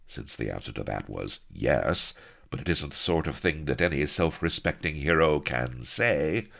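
Super deep gravelly guy reading a funny adventure book, voice swings around a lot. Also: lively intonation, normal speed, a bit bright. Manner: wry, mock-heroic storytelling. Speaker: narrator. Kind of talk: comic audiobook narration.

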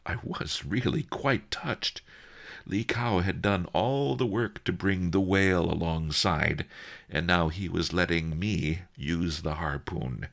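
Gravelly, slow male storyteller. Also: low-pitched, fairly bright tone. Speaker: audiobook narrator. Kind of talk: first-person storybook narration.

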